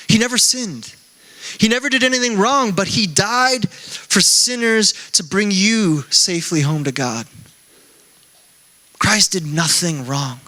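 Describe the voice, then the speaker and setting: A young man preaching a sermon as pastor, telling stories in a lively, self-mocking, conversational way. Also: high-pitched, moderate pace. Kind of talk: sermon with casual storytelling.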